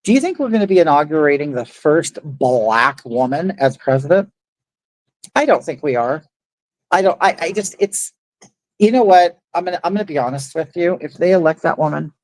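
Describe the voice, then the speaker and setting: A woman's voice: deep voice, lively intonation, moderate pace, long pauses, a little mellow, dry recording, low-quality recording. A middle-aged woman hosting a casual livestream, telling a neighborhood feud story in an indignant, rambling way and reading chat aloud. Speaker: livestream host.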